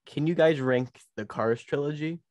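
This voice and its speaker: A man's voice: on the high side, moderate pace, a little mellow, no room sound, muffled recording. A man co-hosting a podcast, chatting casually in an easygoing, agreeable way. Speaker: podcast co-host. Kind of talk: casual chat.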